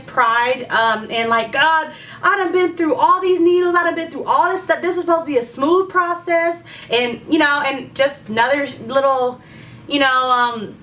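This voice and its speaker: A woman's voice: high voice, pushed and bright, recorded from a distance, slight background noise. A young woman with heartburn chatting candidly through a pregnancy update, full of fillers and talk of faith. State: heartburn, secretly burping. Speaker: vlogger. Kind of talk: casual pregnancy update chat.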